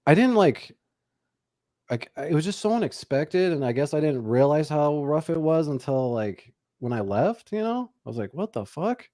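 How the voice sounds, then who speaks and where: Profane, animated man in his forties. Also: a little high, moderate pace, dry recording, clean studio sound. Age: 40s. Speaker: podcast co-host. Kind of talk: casual podcast chat.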